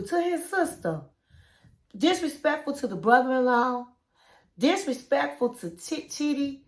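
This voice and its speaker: Opinionated woman recap host, casual and chatty, voice a touch high. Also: lively intonation, a little slow. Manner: chatty, opinionated, calls viewers honey. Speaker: reality TV recap vlogger. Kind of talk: casual chat to camera.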